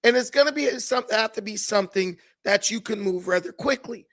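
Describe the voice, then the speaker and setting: A man voicing a patient male creator spirit who explains things in a measured way. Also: high-pitched, fairly bright tone.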